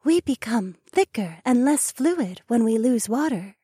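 A man's voice: very high-pitched, animated, a little slow, mellow, husky, dry recording, clean studio sound, voice pushed up, exaggerated voice. A man doing a prim, clinical alien spirit woman. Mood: curious. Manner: precise and clinical. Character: curious, formal female alien spirit.

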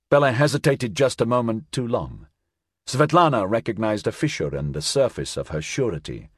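A man narrating an audiobook with expressive storytelling. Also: mid-range voice, moderate pace, husky, no room sound, clean studio sound.

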